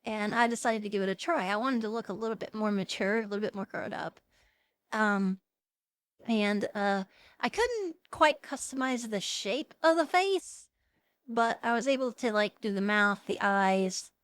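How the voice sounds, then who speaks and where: A young woman hosting a live stream, chatting casually with viewers, giggling often and filling pauses with "um" and "uh.". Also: mid-range voice, expressive, clean tone, no room sound. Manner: chatty, giggly, lots of fillers. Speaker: VTuber streamer host.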